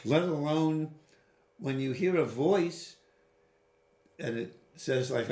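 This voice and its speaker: Male guest, lively storyteller with sudden pitch jumps, recorded in an echoey room. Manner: animated, with sudden rises in pitch and quick asides. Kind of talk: storytelling interview answers. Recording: roomy echo.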